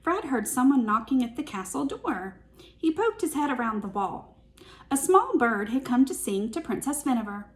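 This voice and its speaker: A woman reading a picture book aloud as a teacher, with slow, expressive storytelling. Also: a little high.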